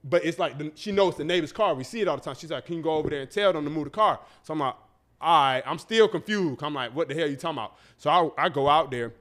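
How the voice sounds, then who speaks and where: A high-voiced man, a podcast co-host, tells a story fast and with lots of animation. His casual storytelling is profane and full of acted-out quotes.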